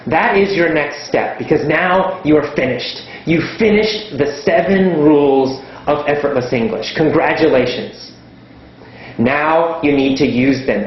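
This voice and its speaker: Slow, emphatic male English teacher. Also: medium pitch, very echoey, dull audio. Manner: slow, emphatic, repeats words for stress. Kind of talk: teaching lesson.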